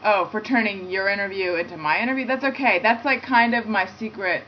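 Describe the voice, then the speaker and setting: A woman's voice: mid-range voice, a little fast. A woman hosting a comedy talk show, telling a rambling self-deprecating story and chatting with a guest. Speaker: host. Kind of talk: casual chat and phone interview. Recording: lo-fi with faint noise.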